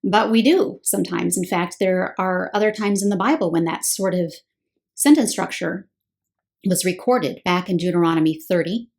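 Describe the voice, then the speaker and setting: A woman's voice: lowish voice, moderate pace, gravelly, darkish tone. A woman giving a scripted Bible teaching talk, explaining step by step and posing rhetorical questions.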